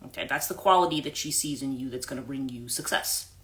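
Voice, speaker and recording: A woman's voice: rumbling low, fast, fairly bright tone. A woman life coach hosting a livestream, telling a story casually with many restarts and asides, into a phone mic.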